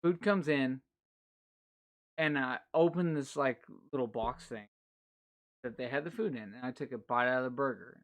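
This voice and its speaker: A man's voice: medium pitch, normal speed, pauses often, fairly bright tone. A young man co-hosting a casual podcast, telling a story with lots of swearing. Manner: swears a lot, tells stories animatedly. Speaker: podcast co-host. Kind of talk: casual chat.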